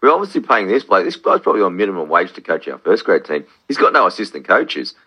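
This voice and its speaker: A man's voice: sits low, very animated, quick pace, bright, forceful tone, husky. A man in casual, blunt sports chat, swearing and laughing easily. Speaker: podcast co-host. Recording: dull lo-fi sound.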